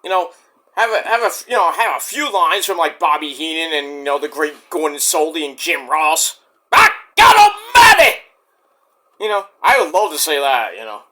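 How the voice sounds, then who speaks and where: A man ranting casually as a wrestling vlogger, rambling and animated, breaking into sudden shouts. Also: a little high, brisk.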